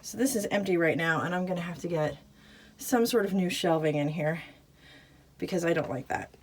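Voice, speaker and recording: A fairly low, husky voice moving at a fairly quick pace belongs to a woman doing chores inside a small RV. She chats casually to the camera, laughs at herself and is out of breath.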